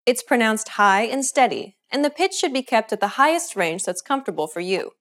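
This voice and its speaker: Lively-voiced woman teaching a lesson. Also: on the high side. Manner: clear, measured instructional delivery. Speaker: language teacher. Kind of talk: scripted lesson narration.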